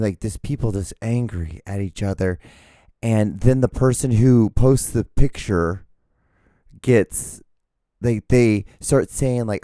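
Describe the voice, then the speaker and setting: A man's voice: lowish voice, warm tone, no echo, studio quality. A man hosting his own podcast in a casual, rambling solo monologue, profane and self-mocking. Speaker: podcast host.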